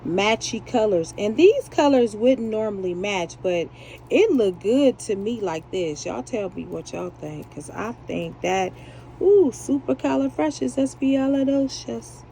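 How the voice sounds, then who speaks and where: A woman's voice: medium pitch, lively intonation, a little slow, creaky, dark tone, low-quality recording. Chatty woman with faint background noise. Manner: chatty, laughs at herself. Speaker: jewelry maker. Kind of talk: casual chat while beading.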